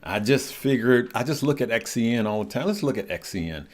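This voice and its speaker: Hosting a live stream on stocks and crypto, this man talks at a brisk pace in a medium-pitched voice with lively intonation. He's casual and laughs frequently, greets viewers by name, and tends to think out loud, drifting off mid-sentence while he checks the charts.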